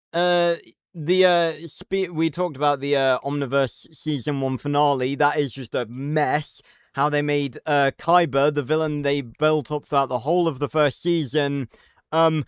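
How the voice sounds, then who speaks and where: A man's voice: on the high side, clean tone, no room sound, clean studio sound. A man ranting casually on a live stream, rambling and cursing, with lots of fillers and restarts. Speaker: livestreamer.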